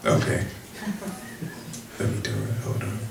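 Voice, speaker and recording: A man with a deep voice telling rambling, self-deprecating comic stories at a cafe open mic. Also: fairly even intonation, a little slow, vocal fry. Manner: rambling, self-deprecating, laughs at his own jokes. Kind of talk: comic storytelling. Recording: roomy cafe, distant mic, crowd noise.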